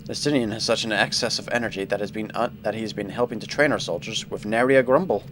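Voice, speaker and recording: A man's voice: fairly low pitch, quick pace, background noise, voice pushed down, close to an everyday voice. A man putting on a courtly Scottish-accented lord. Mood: courteous. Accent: Scottish, put on. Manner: formal, old-fashioned phrasing.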